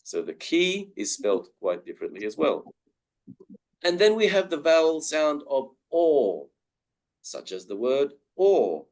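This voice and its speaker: A man teaches pronunciation at a slow, deliberate pace. His pitch swings widely as he draws out each example word. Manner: drawn-out example words with lively pitch. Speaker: webinar presenter on pronunciation. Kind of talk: slow, careful pronunciation lesson.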